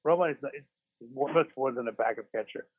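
A man with a medium pitch and a breathy edge talks briskly over a tinny phone line. He's co-hosting a sports podcast from his hospital room after surgery, rambling, poking fun at himself, and restarting his sentences a lot.

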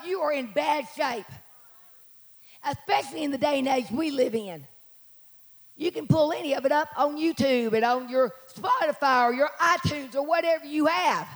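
A middle-aged woman pastor with a scratchy voice, preaching a sermon and breaking into shouted exhortations and sung lines. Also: high voice, normal speed. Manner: preaching with call-outs, shouting and singing.

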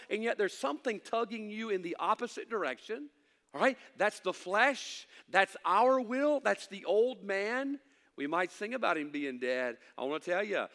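Middle-aged male pastor, high voice, preaching with loud-to-hushed swings, echoing sanctuary. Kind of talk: sermon. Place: church sanctuary. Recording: long hall reverb.

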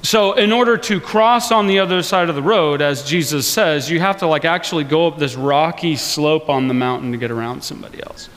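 A man's voice: on the high side, fairly quick, hardly any pauses. A man preaching a sermon in a casual, joking way. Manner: conversational and joking, animated. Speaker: pastor. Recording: long reverb of a large hall.

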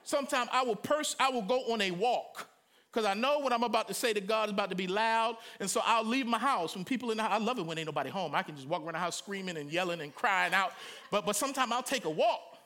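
Animated preacher, high bright voice. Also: male voice, fast. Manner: animated, colloquial preaching with loud cries and acted quotes. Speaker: pastor. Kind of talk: sermon.

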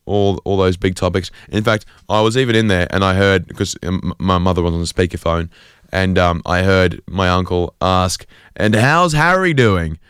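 A man's voice: deep voice, little pitch movement, moderate pace, clean tone, dry recording, studio quality. An Australian man hosting a community radio show, rambling through a self-deprecating comic monologue with lots of fillers and restarts. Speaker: radio host.

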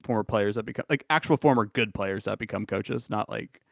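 A man's voice: lowish voice, a little fast, vocal fry, no room sound, clean studio sound. A man co-hosting a sports podcast, chatting casually, rambling and laughing at his own asides. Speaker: podcast co-host.

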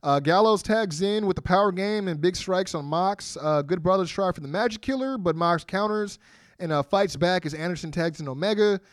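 A man walks through a wrestling match blow by blow in a casual podcast recap, stopping often with fillers. His voice sits fairly high, and the sound is dry and close. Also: moderate pace, dry recording. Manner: play-by-play recap with fillers and laughs. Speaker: podcast co-host.

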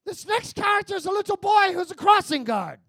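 A man's voice: extremely high pitch, very animated, fairly quick, bright, forceful tone, no room sound. Frantic, over-apologetic man on stage. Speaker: comedian auditioning on stage. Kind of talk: comedy sketch performance.

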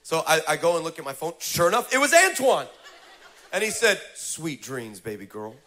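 High-voiced animated male preacher. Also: brisk, noisy background. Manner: animated, humorous, builds to fervent preaching. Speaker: pastor. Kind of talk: comic storytelling sermon.

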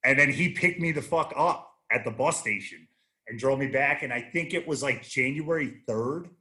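A man's voice: mid-range voice, normal speed, bright, forceful tone. A man in his thirties, a guest on a casual chat show, telling rambling, profane stories with many restarts. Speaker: podcast guest, army veteran.

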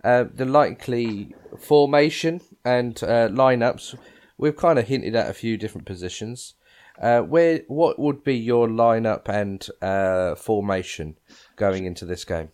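A man's voice: mid-range voice, measured pace, a little mellow. A man hosting a casual football podcast, talking with many fillers and handing questions to his guests. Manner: hesitant, filler-heavy, asks guests questions. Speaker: podcast host.

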